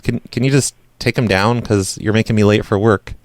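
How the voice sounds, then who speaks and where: A man's voice: lowish voice, fairly even intonation, a little fast, dry recording. A man hosting a radio show, making prank phone calls and talking in a mock-innocent, apologetic way. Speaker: prank call radio host.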